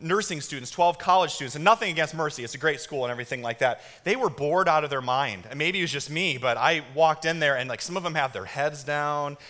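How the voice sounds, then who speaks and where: Male pastor in his thirties, sermon delivery, bright forceful tone, long hall reverb. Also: on the high side, quick pace, few pauses. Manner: animated storytelling with shouted kid impressions. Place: church auditorium.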